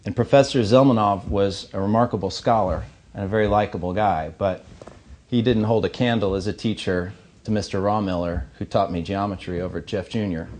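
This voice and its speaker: At a banquet-hall awards ceremony, a Missourian in his thirties gives the keynote in a lowish, slightly mellow voice. His tone is steady and his pace fairly quick as he shares earnest anecdotes with a bit of humor.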